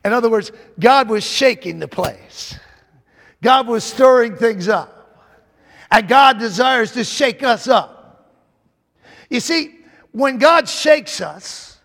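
Fervent high-voiced preacher in a hall. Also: male voice, creaky, fairly bright tone. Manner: fervent, emphatic preaching with repetitions. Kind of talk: sermon. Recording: long hall reverb.

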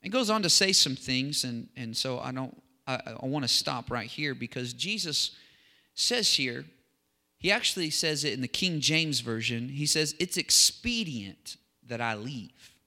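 A man preaching a sermon as a pastor, talking with rising animated excitement. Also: mid-range voice, unhurried. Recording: long hall reverb.

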